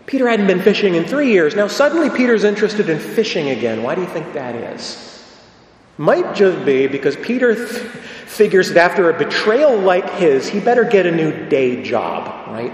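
Man, priest, sermon, dramatic storytelling, slightly high voice, roomy church echo. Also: sing-song. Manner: storytelling, dramatic, pauses and drops to a low hush. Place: large church. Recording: echoey church with long reverb.

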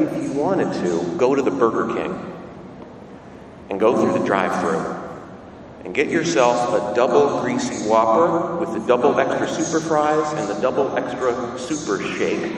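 A man's voice: mid-range voice, slight background noise. A man, a Catholic priest, giving a conversational homily at Mass and peppering the congregation with rhetorical questions. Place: large church. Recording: echoey church hall from far off, faint ambience.

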